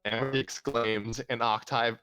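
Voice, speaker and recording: A man calmly narrating a fan story aloud on a livestream, steady with small restarts. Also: mid-range voice, normal speed, clear, resonant tone, soft background music. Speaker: storyteller host.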